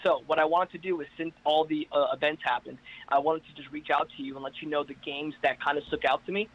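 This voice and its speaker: A man calling in to a casual chat show, telling stories in an energetic, hyped-up way. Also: fairly high pitch, fast talker, lo-fi sound. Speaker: caller guest. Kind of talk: casual chat on a video call. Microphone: internet call.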